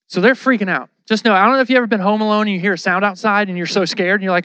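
Guy preaching casual, high smooth voice, slangy storyteller, dry close mic. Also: fast, pushed and bright, dry recording, dull audio. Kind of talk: casual sermon.

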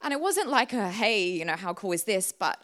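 A young woman, a guest preacher, delivers a sermon at a church service in a candid, emotional way, sometimes laughing and sometimes tearing up. Her voice is medium in pitch with big swings, her pace a little fast, and her manner warm.

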